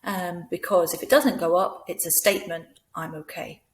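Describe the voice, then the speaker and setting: A woman leading a teacher training session, explaining things patiently and clearly, often acting out words in different voices. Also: on the low side, moderate pace, slight background noise. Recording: echoey room.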